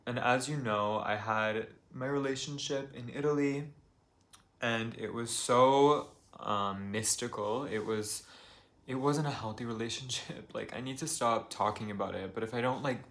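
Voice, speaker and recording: A young man in his apartment, talking calmly and confessionally to camera in a soft, rambling way full of fillers. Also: on the low side. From United States. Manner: calm, soft-spoken, rambling with many fillers. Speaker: vlogger. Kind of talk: confessional vlog talk.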